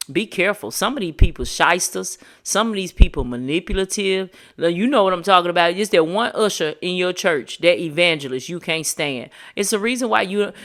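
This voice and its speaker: A woman's voice: lowish voice, fairly bright tone. A woman hosting a podcast, giving a motivational monologue in a preachy, emphatic, slangy way. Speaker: podcast host.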